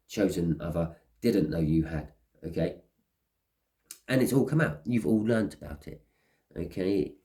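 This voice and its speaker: A man's voice: lowish voice, a little mellow. A man giving a casual tarot reading, rambling and acting out little scenes as he talks. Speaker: tarot reader.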